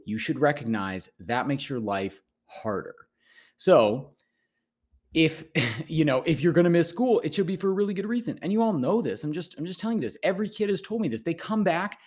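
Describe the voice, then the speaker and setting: Rambling teacher lecturing his podcast listeners. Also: mid-range voice. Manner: rambling, repeats words, animated lectures. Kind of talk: casual advice monologue.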